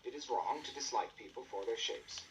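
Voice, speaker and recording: A man's voice: mid-range voice, normal speed, recorded from a distance, a little hiss or hum, natural voice, rough recording. A man doing a firm, kindly mother, Mrs Lambchop.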